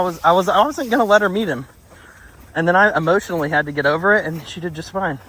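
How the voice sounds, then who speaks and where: A man working as a dog trainer. He talks outdoors in a relaxed, chatty way, explaining his methods and often praising the dog. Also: on the high side, fast talker, low-quality recording. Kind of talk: casual explanation on a training walk.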